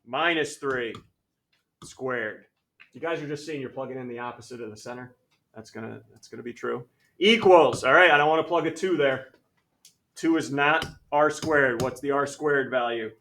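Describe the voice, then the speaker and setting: A male math teacher lecturing a classroom, energetic and jokey, calling on students by name. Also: medium pitch, normal speed, a little hiss or hum. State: out of breath.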